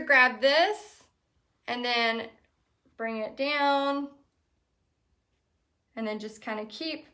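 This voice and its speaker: A woman hosting a live step-by-step painting lesson, chatty and quick to laugh as she reads out viewer comments. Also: sits high, pushed and bright. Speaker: painting instructor and host.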